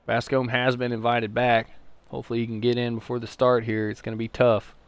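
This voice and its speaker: A man with a Texan accent calling a sim racing league live, chatty between races and excitable play-by-play once the lights go out. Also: mid-range voice, brisk, clear, resonant tone, no echo. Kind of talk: live esports race commentary.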